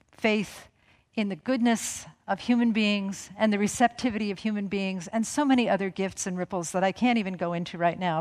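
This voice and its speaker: A woman giving a gentle, conversational sermon, with easy asides and soft laughter. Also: medium pitch. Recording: long reverb of a hall.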